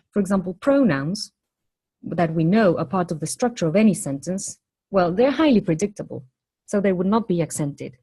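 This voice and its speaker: A woman lecturing on phonology, explaining step by step in a measured way and posing questions to the class. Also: mid-range voice, warm tone, breathy edge.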